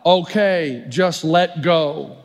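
A man voicing God in a sermon, speaking slowly and with authority. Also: on the high side, a little hiss or hum, voice pushed down. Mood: commanding. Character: God, deep calm commanding male voice. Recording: long hall reverb.

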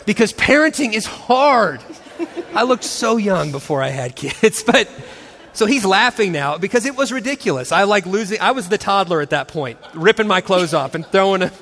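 A man's voice: high voice, animated, moderate pace, fairly bright tone, in a large hall. A man in his forties telling a story to an audience as a co-host, acting out the quotes and laughing often. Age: 40s. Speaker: pastor co-host of a marriage and parenting session.

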